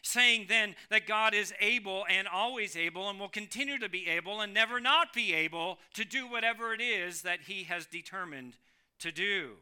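A man with a high, very bright and clean voice preaches a sermon. He swings between emphatic, louder stretches and sudden quiet drops. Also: animated, moderate pace, clean tone. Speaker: pastor.

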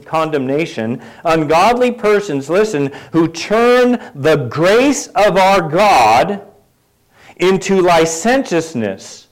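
A man's voice: a little high, low-quality recording. A middle-aged man preaching a sermon in a conversational way, putting questions to the congregation and adding light asides. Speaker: pastor.

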